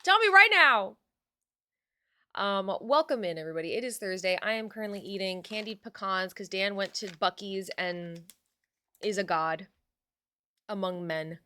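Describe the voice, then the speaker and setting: Bright, chatty young woman streamer. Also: medium pitch, moderate pace, clear, resonant tone, no echo. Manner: chatty, reads chat aloud, swears casually. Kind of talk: casual live-stream chat.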